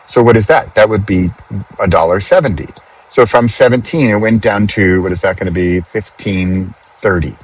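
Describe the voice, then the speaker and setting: Male host recording in his car; slightly raspy, loose and conversational, talks things through out loud. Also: on the low side, moderate pace, poor audio. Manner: chatty, thinks aloud with restarts and self-corrections. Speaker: podcast host. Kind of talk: casual spoken reflection. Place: in a car on a highway.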